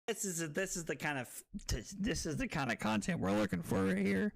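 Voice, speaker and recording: A man streaming a card game, tipsy from drinking, who breaks into loud excited outbursts and giggly laughter. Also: high voice, brisk, vocal fry, few pauses. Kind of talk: live stream gameplay commentary.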